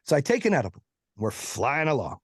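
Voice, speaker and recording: A man's voice: medium pitch, very animated, husky, no room sound, clean studio sound. A man, a podcast guest, tells a long personal story in casual, profane talk and acts out the quotes of the people in it. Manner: profane, fast-moving anecdote with acted-out quotes.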